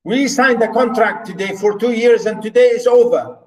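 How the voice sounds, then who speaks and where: A man's voice: on the high side, animated, a little slow, darkish tone, reverberant, distant mic, low-quality recording. A man with Arabic as his first language reading aloud the lines of an angry, weary male ship's steward, raising his voice in complaint. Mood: fed up.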